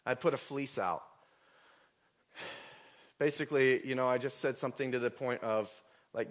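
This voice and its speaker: A man preaching a sermon, earnest and emotional, telling personal stories and at times rising almost to a shout. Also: medium pitch, steady tone, measured pace, long pauses. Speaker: pastor.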